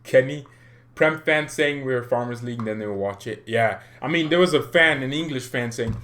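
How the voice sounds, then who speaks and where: Hosting a fan channel livestream, a man speaks casually and with lots of animation, laughing often. His medium-pitched voice moves at a normal speed and jumps up whenever he gets excited.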